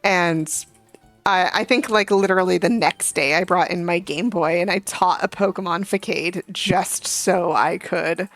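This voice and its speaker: A young woman streamer with a lowish voice rambles through a story, breaking off to comment on her game. Her voice is close and dry, with faint game music behind it. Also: measured pace, a bit bright, no room sound. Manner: rambling storyteller, many fillers and asides to the game. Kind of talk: casual gaming chat.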